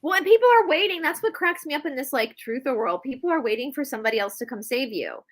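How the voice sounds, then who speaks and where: A woman's voice: sits high, animated, quick pace. A woman co-hosting a spiritual talk show, speaking emphatically and repeating phrases for stress. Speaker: co-host. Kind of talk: casual spiritual discussion.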